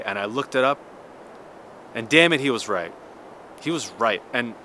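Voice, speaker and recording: Chatty man in his thirties, bright voice. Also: mid-range voice, a little hiss or hum. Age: 30s. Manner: chatty, animated, many restarts and "like". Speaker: vlogger. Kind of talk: casual storytelling monologue.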